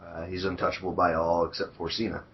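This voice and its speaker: A man's voice: low-pitched, level tone, quick pace. A man co-hosting a podcast in casual chat, talking in an offhand, matter-of-fact way. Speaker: podcast co-host. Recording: dull lo-fi audio.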